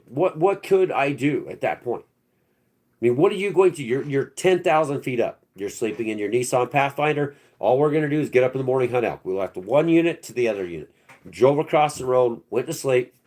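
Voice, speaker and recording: A man's voice: mid-range voice, a little mellow. A man hosting his own channel, telling a first-person story in a rambling, slangy way with restarts and swearing. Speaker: channel host.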